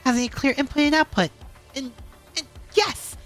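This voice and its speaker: A woman's voice: sits high, normal speed, a bit bright, faint music behind, pitched above the performer's own voice. A woman voicing a shy, stammering engineer girl who is obsessed with machines, reading a game scene. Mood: nervous. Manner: stammering, nervous.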